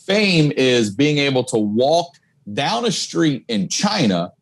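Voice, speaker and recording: A man's voice: mid-range voice, big pitch swings, takes it slowly. A middle-aged man, a comedian, chatting as a podcast guest in a loose, profane storytelling way. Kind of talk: casual podcast chat.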